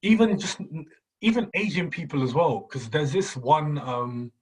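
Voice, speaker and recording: A young man co-hosting a casual podcast chat, slangy and quick to laugh, often repeating his words. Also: a little high, expressive, husky. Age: young adult. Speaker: podcast co-host.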